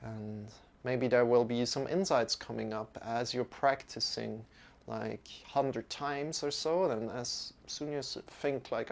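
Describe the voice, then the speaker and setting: A man's voice: mid-range voice, fairly even intonation, slow, creaky. A man teaching a live-streamed mantra lesson, talking in a casual, chatty way with many fillers.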